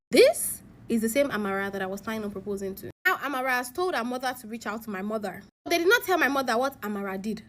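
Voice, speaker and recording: Animated woman telling a story. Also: fairly high pitch, slight background noise. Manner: animated, swings from hushed to loud. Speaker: story narrator. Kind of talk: story-time narration of a reader's letter.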